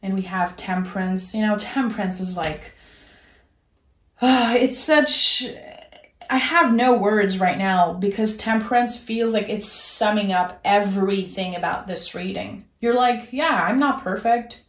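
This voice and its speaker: A woman giving a tarot reading, speaking in a soft, earnest and reassuring way, straight to the listener. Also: mid-range voice, normal speed, hardly any pauses, reverberant. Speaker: tarot reader. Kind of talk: gentle spoken tarot reading.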